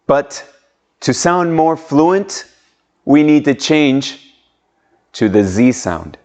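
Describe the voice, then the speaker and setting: Slow, patient male English teacher. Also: fairly high pitch, big pitch swings, darkish tone. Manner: slow, patient, drawing out sounds for repetition. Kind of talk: online pronunciation lesson. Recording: muffled lo-fi audio.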